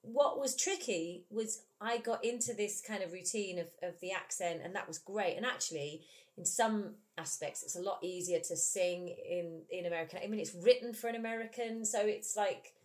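Speaking at normal speed in a mid-range voice, this musical theatre actress from England laughs and chats animatedly as an interview guest. She has a British English accent, and the conversation is casual.

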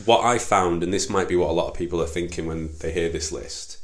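A man with a very deep, low voice co-hosts a relaxed podcast conversation. He chats easily with his friend, breaks into laughs and often restarts his sentences mid-thought. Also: a little fast, echoey room. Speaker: podcast co-host. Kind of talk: casual chat.

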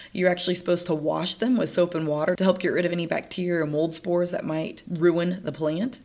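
A woman hosting a casual solo podcast, chatty and upbeat, who laughs often and sounds nasal and congested from stuffed sinuses. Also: on the low side. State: congested, sniffling. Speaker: podcast host.

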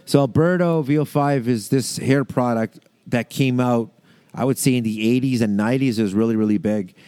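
A man's voice: mid-range voice, a little fast, mellow, smooth, no room sound. A man co-hosting a casual chat, rambling with lots of fillers and laughs, reading excerpts aloud. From American South. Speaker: podcast co-host.

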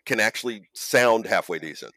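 A podcast host and audio producer chats casually on his show, rambling, joking at his own expense, and restarting often. He has a lowish voice with lively intonation and a sharp tone, at a moderate pace.

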